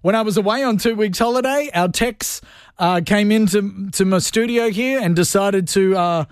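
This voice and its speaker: Playful high-voiced radio host. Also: male voice, clean tone, no room sound, clean studio sound. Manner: playful, joking, fast patter. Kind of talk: radio show hosting. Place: radio studio.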